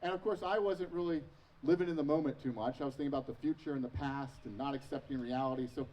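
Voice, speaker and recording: A man's voice: mid-range voice, fast, mellow, distant mic, a little hiss or hum, poor audio. A man in his thirties preaching a sermon as pastor, telling personal stories with self-mocking humor. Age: 30s.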